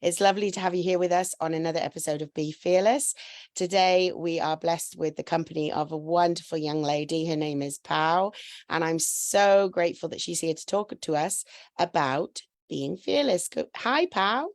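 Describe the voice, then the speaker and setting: Low gravelly-voiced woman hosting a podcast. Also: normal speed, no echo, clean studio sound. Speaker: podcast host. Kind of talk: online live stream interview.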